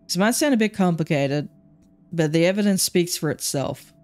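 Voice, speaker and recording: A woman's voice: fairly low pitch, lively intonation, normal speed, a little mellow, no echo, close to an everyday voice. A woman voicing a blunt, teasing older nurse in a story game, reading her lines in a dry, matter-of-fact way.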